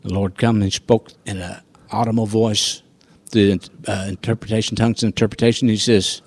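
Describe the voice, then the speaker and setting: A man telling a personal faith testimony in a folksy, animated storytelling manner. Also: fairly low pitch, moderate pace, dry recording. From rural farming background. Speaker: guest sharing testimony.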